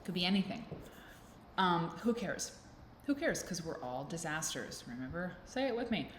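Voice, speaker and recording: Low-pitched female vlogger, rambling and self-mocking, recorded in a reverberant room. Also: very animated, normal speed. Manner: rambling, self-deprecating, playful. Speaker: vlog host. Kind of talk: casual chat to camera. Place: indoors at home with a fan blowing. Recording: echoey room with faint noise.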